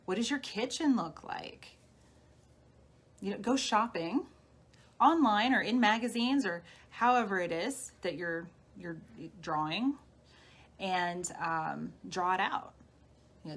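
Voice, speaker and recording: Woman healer doing a chill livestream talk, soft guiding voice, coaching folks through steps. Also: mid-range voice, animated, slow. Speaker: spiritual healer. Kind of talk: live-streamed talk on manifesting. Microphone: phone or webcam on a live stream.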